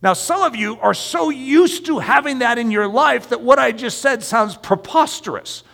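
A man preaching a sermon in an emphatic, animated way with playful asides, recorded in a church hall with a long echo. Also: extremely high pitch, normal speed, creaky. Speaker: pastor.

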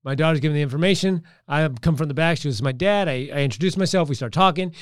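A man's voice: a little high, quick pace, clear, resonant tone, dry recording, studio quality. A middle-aged man, a gym owner, telling a story in casual chat and acting out the dialogue. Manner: animated storyteller, acts out dialogue.

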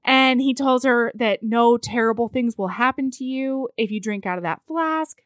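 Animated woman with a dry sound. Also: on the high side, normal speed, dry recording. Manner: animated, swears freely, laughs often. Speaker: podcast co-host recapping a novel. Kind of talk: casual chat.

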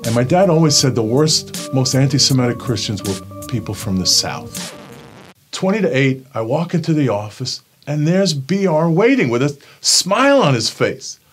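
A man's voice: mid-range voice, very animated, moderate pace, faint music behind. New man telling his story. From Brooklyn, New York. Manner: storytelling, acts out quoted voices. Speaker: guest giving a testimony. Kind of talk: personal testimony.

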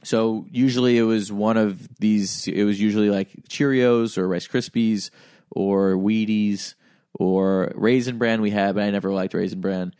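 A young man with a fairly low voice hosts a comedy podcast, talking in a loose, rambling way full of "like" and "um". The recording is dry and close, with no room sound. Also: fairly even intonation, measured pace, mellow, smooth, dry recording. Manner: rambling, filler-heavy musing. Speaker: podcast host. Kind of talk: casual comedic chat.

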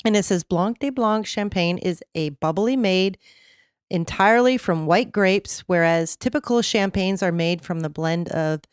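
A woman's voice: fairly low pitch, a little slow, smooth, no room sound, clean studio sound. A woman co-hosting a casual podcast, teasing and laughing along with her friend. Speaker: podcast co-host. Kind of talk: casual chat.

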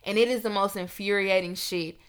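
A woman's voice: mid-range voice, steady tone, a little fast, clear, resonant tone. A young woman hosting a podcast, ranting in a heated, emphatic, profane casual talk. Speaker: podcast host.

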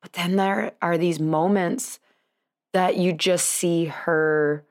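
Woman, 30s, podcast host; slightly low pitch; chatty, self-deprecating storyteller who laughs a lot. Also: fairly even intonation, slow pace. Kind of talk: casual storytelling monologue.

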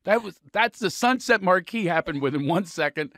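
Lively, jokey male podcast host. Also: high-pitched, moderate pace, dry recording. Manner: animated, jokey, self-deprecating. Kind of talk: casual interview chat. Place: podcast studio. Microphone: studio microphone.

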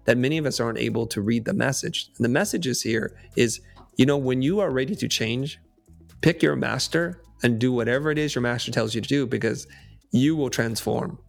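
Gravelly-voiced male podcast guest. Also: medium pitch, a little fast, soft background music. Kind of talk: storytelling in conversation.

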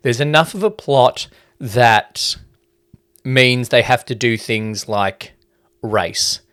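A man's voice: mid-range voice, slow pace, fairly bright tone, clear, resonant tone. A man co-hosting a podcast in casual chat, dropping dry joking asides. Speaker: podcast co-host.

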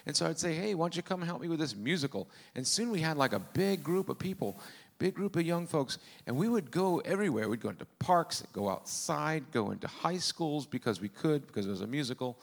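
A man's voice: on the high side, big pitch swings, a little fast, vocal fry. A man preaching a testimony sermon, telling his story in an earnest way with a dry, self-mocking humor.

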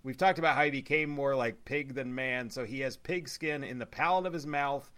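A man with a bright, forward voice chatting casually about a show. He retells scenes with plenty of "like" fillers and laughs often along the way. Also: medium pitch, fairly quick, clear, resonant tone. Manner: animated retelling, many "like" fillers, frequent laughter. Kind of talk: casual chat.

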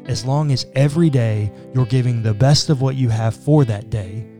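Male pastor, podcast host; warm, unhurried tone, conversational and sincere. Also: mid-range voice, soft background music. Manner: earnest, conversational, says "like" often. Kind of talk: podcast discussion.

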